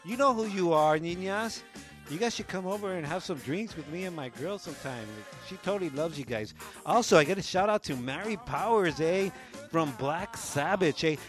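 A man co-hosting a radio show, joking playfully and tagging his lines with "eh?" as he reads out shout-outs. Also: a little high, expressive, normal speed, soft background music.

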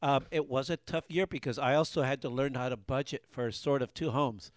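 A man's voice: mid-range voice, brisk, no echo, clean studio sound. A man co-hosting a casual podcast from a garage, talking in long rambling stretches full of restarts. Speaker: podcast co-host. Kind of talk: casual banter.

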